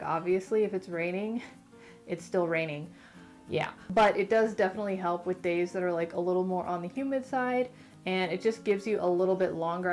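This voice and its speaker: Muffled Californian woman chatting to camera. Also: on the low side. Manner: chatty and rambling, full of "like". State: slightly muffled speech after dental surgery. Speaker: beauty vlogger. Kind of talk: casual chat to camera.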